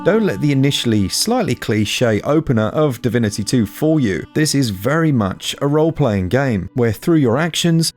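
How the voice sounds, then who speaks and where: A man's voice: medium pitch, a little mellow. A man in his thirties narrating a scripted game review with enthusiasm and wry asides.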